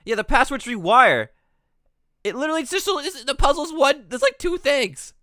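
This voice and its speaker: A man's voice: very high voice, lively intonation, moderate pace, pushed and bright, no room sound, studio quality. A man streaming live, swearing and ranting with exasperation, rambling and cutting himself off as he talks. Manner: rambling, self-interrupting.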